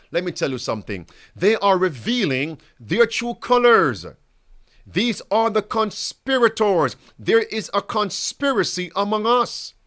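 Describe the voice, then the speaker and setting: A man with a high voice preaches in an unhurried, deliberate way. He keeps turning to his listeners with pointed rhetorical questions and addresses them as beloved, friends, and brothers and sisters. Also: a bit bright. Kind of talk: preaching commentary.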